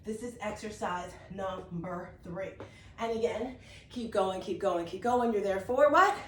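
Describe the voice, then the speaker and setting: A woman's voice: medium pitch, measured pace. A woman fitness instructor talking viewers through a workout on a mat at home, upbeat and encouraging, a little out of breath. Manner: upbeat, encouraging, talks while demonstrating. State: slightly out of breath. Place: room at home on an exercise mat. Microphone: camera mic at a distance. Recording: echoey room, distant camera mic.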